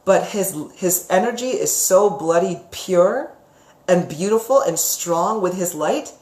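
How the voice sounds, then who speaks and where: A woman teaching about psychic topics on a live stream, chatty and expressive, reading out viewer comments and often asking "right?". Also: on the low side, unhurried. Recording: roomy echo.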